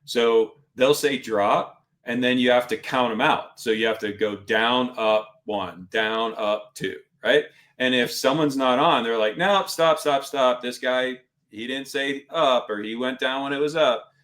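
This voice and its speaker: A middle-aged man telling a story in casual interview talk. His voice sits at an ordinary pitch for a man, and he slips into the quoted lines of other people with plenty of energy. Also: a little slow. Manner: animated, acts out instructors' lines in quotes. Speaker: podcast guest.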